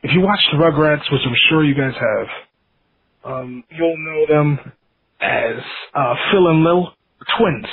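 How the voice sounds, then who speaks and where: Guy calling in over a tinny phone line, husky and kinda high, rambles and restarts a lot. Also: a little slow. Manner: rambling, enthusiastic, many restarts. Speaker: caller. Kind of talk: casual voicemail call-in.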